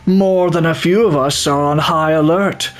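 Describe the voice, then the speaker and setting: A man's voice: on the high side, fairly even intonation, normal speed, pitched above the performer's own voice, lightly acted. A man putting on an android voice for a stern robot guard in a video game, raised and formal. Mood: warning.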